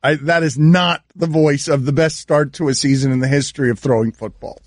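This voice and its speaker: Teasing, incredulous sports radio host. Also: male voice, a little high, fairly even intonation, dry recording, studio quality. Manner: incredulous, teasing, halting restarts.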